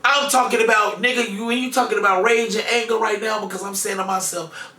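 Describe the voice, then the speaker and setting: Man, high voice, sharp tone, emotional storytelling, swings from loud to soft, echoey room, mic far away. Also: steady tone, fairly quick, few pauses. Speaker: podcast co-host telling a personal story. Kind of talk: casual storytelling.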